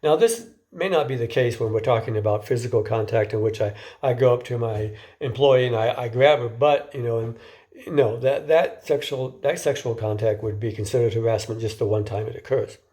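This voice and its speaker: A man's voice: medium pitch, a little fast, dark tone. A man giving an informal lecture in a conversational way, often restarting and repeating words and asking his listeners questions.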